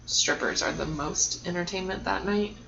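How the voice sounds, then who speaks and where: A woman's voice: on the low side, moderate pace, creaky. Laughing, blunt woman in an echoey room. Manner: laughs often, blunt and joking. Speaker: podcast co-host. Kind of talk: casual chat. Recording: echoey room, dull sound, background noise.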